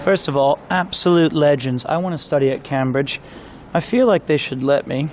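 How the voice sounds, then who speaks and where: Walking through city streets, an IRL streamer with a fairly high voice chats casually with his live audience at normal speed. He rambles and jokes with chat, and a little background noise comes through.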